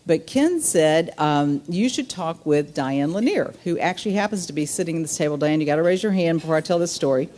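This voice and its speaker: Low-voiced Southern woman telling stories. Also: animated, quick pace, hardly any pauses, darkish tone, slight background noise. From Southern United States. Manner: storytelling with many fillers and asides. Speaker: luncheon keynote speaker. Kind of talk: speech to a business audience.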